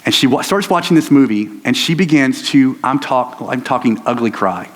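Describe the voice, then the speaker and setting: A man's voice: medium pitch, animated, normal speed. A middle-aged man preaching a sermon as pastor, telling a story in a rambling, self-interrupting way full of fillers. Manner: rambling, self-interrupting, lots of "like" and "you know". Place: church sanctuary. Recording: long hall reverb.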